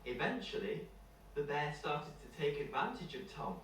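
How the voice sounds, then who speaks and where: A man's voice: fairly high pitch, a little hiss or hum. A man narrating a children's story in a playful way, with a moral at the end, in an echoey room heard from far off. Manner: slow, lively, playful.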